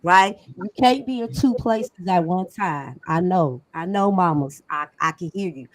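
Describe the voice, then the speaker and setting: A woman's voice: fairly low pitch, measured pace, hardly any pauses, rough recording. A middle-aged woman hosting a talk show, speaking in an emphatic, conversational and preachy way. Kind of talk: casual panel talk.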